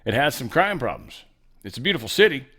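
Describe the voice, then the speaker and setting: A man hosting a news commentary show, in animated, jokey talk that swings between loud remarks and soft asides. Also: mid-range voice, fast, husky. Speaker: show host.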